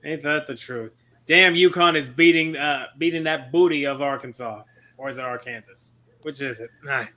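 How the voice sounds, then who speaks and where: A man's voice: on the high side, moderate pace, bright, forceful tone. A man co-hosting a podcast, chatting offhandedly about games and betting. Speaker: podcast co-host. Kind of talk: casual sports chat.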